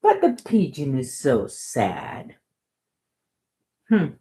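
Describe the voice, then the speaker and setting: A woman's voice: very deep voice, big pitch swings, a little slow, long pauses, darkish tone. A woman reading a children's book aloud, chatting and explaining words and lessons to young listeners. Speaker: storytime reader.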